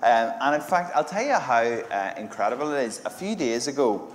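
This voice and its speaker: A man's voice: medium pitch, big pitch swings, normal speed, a little hiss or hum. A man with an Irish Monaghan accent, a minister cracking jokes to a church congregation in a laid-back, playful way. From Ireland (Monaghan). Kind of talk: joke-filled sermon to a congregation. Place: church service, in front of a congregation.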